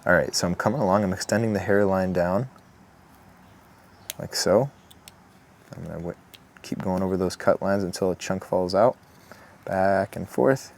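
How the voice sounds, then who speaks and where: A man talking through a woodcarving tutorial outdoors in a relaxed, chatty way, with asides. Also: sits low, normal speed, gravelly, pauses often. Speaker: woodcarving instructor. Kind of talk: step-by-step tutorial narration. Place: outdoors in the morning.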